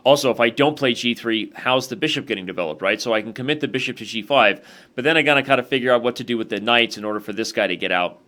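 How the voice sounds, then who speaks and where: Bright-voiced man analyzing chess aloud. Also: mid-range voice, quick pace. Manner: analytical, talks straight to the viewers. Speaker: chess master hosting an online game. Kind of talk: casual thinking-aloud analysis.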